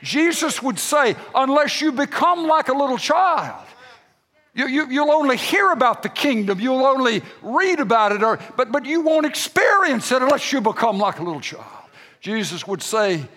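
Older male pastor, high animated voice, unhurried folksy sermon, long hall reverb. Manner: folksy storytelling preacher, rising to emphatic peaks.

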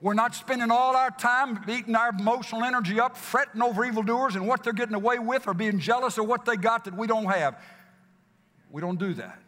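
A man preaching a sermon, repeating phrases for emphasis and swinging from loud exclamations down to hushed whispers. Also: very high voice, brisk. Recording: long hall reverb with faint music.

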